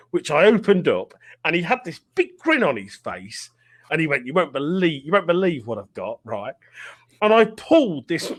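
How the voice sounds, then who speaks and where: A man's voice: on the high side, a bit bright. A middle-aged English man co-hosting a casual pub-style podcast, telling stories and often laughing as he talks. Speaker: podcast co-host.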